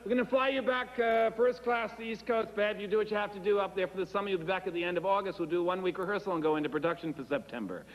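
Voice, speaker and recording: A man's voice: high-pitched, rapid-fire, few pauses, big-room sound, highs cut off, voice pushed up, close to an everyday voice. A man putting on a slick, breezy Hollywood producer. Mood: upbeat. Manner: breezy, calls people babe. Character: fast-talking male Hollywood producer, slick and flattering.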